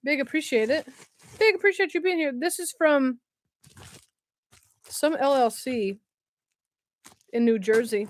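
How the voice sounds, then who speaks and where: A woman's voice: high-pitched, a little slow, pauses often. A woman, chatting casually on a livestream and reacting to viewer comments while unboxing. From West Tennessee, US. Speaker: livestream host. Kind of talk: casual live-stream chat.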